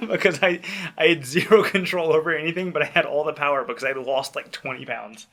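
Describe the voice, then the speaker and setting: A man who coaches tricking athletes, telling a personal story in casual chat, animated and laughing often with loose swearing. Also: on the high side, a little fast.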